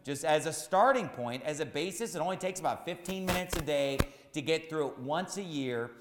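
A man's voice: a little high, animated, brisk, long reverb tail, noisy background. A man preaching a sermon as pastor, emphatic and repeating key phrases for stress.

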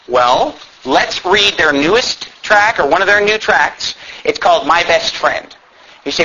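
A man's voice: high-pitched, animated, moderate pace, pushed and bright, slightly rough, dull audio. A man preaching a fiery sermon as a pastor, emphatic and sarcastic, sometimes reading text aloud in put-on voices. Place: church.

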